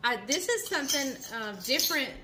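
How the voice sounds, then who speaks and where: A woman's voice: sits high, expressive, a little fast, pushed and bright, slight background noise. A woman hosting her own cooking show from her home kitchen, chatting casually as she cooks, with plenty of fillers and self-corrections. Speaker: cooking channel host.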